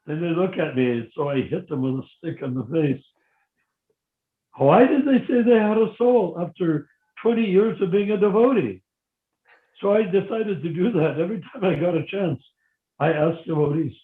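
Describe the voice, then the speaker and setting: An older man leading a devotee meeting by phone, talking casually and animatedly, acting out dialogue with sudden loud outbursts. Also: a little high, normal speed. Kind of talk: casual teaching talk over a phone meeting. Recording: tinny phone line, echoey.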